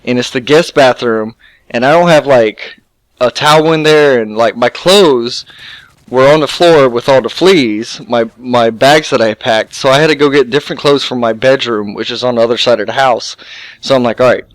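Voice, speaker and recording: A young man casually telling a long, rambling, profane story to his viewers, animated and full of fillers. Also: medium pitch, normal speed, dry recording, low-quality recording. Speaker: gaming YouTuber.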